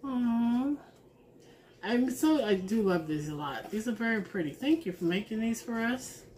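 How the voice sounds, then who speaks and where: A woman's voice: on the high side, measured pace, a little hiss or hum. Gushing woman opening craft mail. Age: adult with a son. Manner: gushing, excitable, talks to viewers. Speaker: crafting vlogger. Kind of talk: casual unboxing chat.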